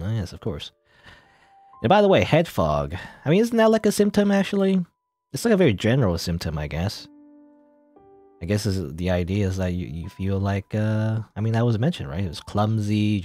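Rambling, joking let's-play gamer, low voice, dry mic. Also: male voice, darkish tone, dry recording. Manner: rambling, joking, filler-heavy. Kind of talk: casual game commentary.

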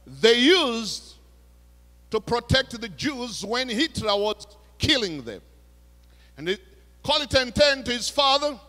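A man preaching a sermon, telling a story in a hushed voice and then raising it to exhort the congregation. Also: very high-pitched. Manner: storytelling preacher, shifts between hushed retelling and raised exhortation. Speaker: pastor. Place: church sanctuary. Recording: long church hall reverb.

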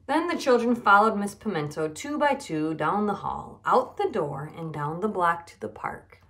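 A woman nutrition educator reading a children's storybook aloud, expressive and emphatic. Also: mid-range voice, moderate pace.

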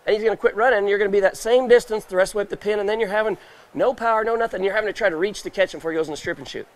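A high-pitched man with a drawl teaches roping on a trade show stage. His talk is folksy, and he keeps firing questions at the crowd and acting out little scenes. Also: rapid-fire. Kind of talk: live demonstration talk to a crowd. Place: indoor trade show stage, live audience.

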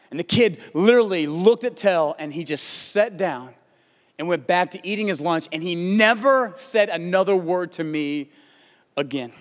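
An American pastor with a notably high voice delivers a sermon, moving from a relaxed story into fervent, pleading passages. His words ring out with the long reverb of a large church hall. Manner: storytelling preacher, rising to impassioned pleas. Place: church auditorium.

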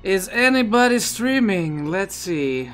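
A man's voice: high voice, very animated, slow pace, a bit bright, faint music behind. A man streaming a video game live, chatting in a loose, rambling way and often restarting his sentences. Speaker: Twitch streamer. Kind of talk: live gameplay commentary. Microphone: his own streaming microphone.

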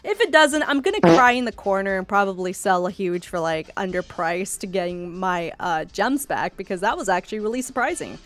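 A woman giving casual gameplay commentary, excitable and playfully dramatic, gasping at each result. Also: mid-range voice, brisk, few pauses. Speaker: gaming YouTuber. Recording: faint music behind.

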